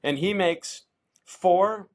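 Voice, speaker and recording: Animated man telling a story. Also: high-pitched, drawn-out words. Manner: animated storyteller, acts out quoted voices. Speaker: interview guest, champion kayaker. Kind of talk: casual storytelling interview.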